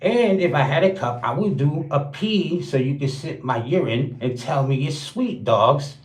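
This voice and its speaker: Hosting his own livestream, a man with a fairly high, animated voice raps a crude, boastful freestyle roast in an unhurried, rhythmic, rhyming flow. He's on a streaming mic, and the recording has a roomy echo.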